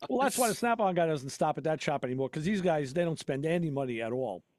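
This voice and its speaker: A male auto mechanic and podcast host chats casually on his talk show, rambling through shop anecdotes with frequent laughs. His voice is fairly high, expressive, and a little mellow, delivered at a quick pace, with no echo.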